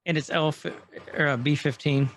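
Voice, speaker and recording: Guy with a gravelly voice chatting on a podcast, slightly high for a man, tossing in quotes from the show. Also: moderate pace. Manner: animated, acts out scene quotes in passing. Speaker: podcast co-host. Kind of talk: casual chat, recapping a show.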